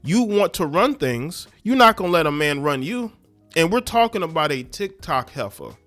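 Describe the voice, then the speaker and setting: A man's voice: on the high side, big pitch swings, moderate pace, a bit bright, no room sound, soft background music. A man hosting a commentary show, ranting scornfully and preaching straight at his listeners. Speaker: commentary channel host. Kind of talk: ranting social media commentary.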